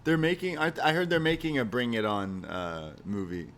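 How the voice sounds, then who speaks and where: A man's voice: mid-range voice, moderate pace, fairly bright tone, slight background noise. A man co-hosting a podcast, chatting casually and animatedly, often laughing and retelling scenes. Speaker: podcast co-host. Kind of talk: casual chat.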